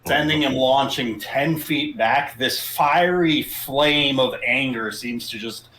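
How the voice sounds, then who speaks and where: A man's voice: mid-range voice, slow, bright, forceful tone, echoey room, low-quality recording. A man narrating a tabletop game as game master, describing the action dramatically.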